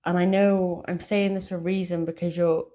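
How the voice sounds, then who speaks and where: A woman's voice: fairly low pitch, little pitch movement, moderate pace, dark tone. A middle-aged woman with a British accent, a tarot reader sharing a heartfelt message with her viewers, talking earnestly and hesitantly with many fillers. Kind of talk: casual spiritual message to viewers.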